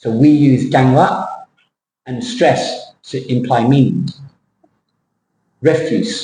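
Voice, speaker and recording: A man's voice: mid-range voice, moderate pace, long pauses, dark tone. A man teaching a casual lesson, explaining by example and switching into Thai. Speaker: English teacher. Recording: echoey room, faint noise.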